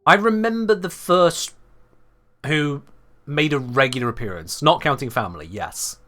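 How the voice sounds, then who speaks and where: A man's voice: fairly high pitch, moderate pace. A British man chatting playfully with his live-stream audience while he plays a game. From Britain. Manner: animated, playful, talks back to chat.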